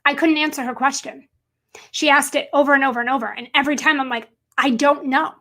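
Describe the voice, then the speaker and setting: A woman's voice: high-pitched, fairly even intonation, quick pace, fairly bright tone. A woman business coach giving an emphatic motivational talk to camera, repeating her points and calling her viewers guys.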